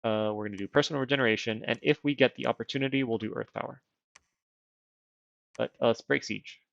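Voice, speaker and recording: Gravelly casual male game streamer. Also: medium pitch, fairly even intonation, fairly quick, a bit bright, no room sound, dull audio. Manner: rambling, self-deprecating, thinks aloud. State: wearing dental retainers. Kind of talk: casual game livestream chat.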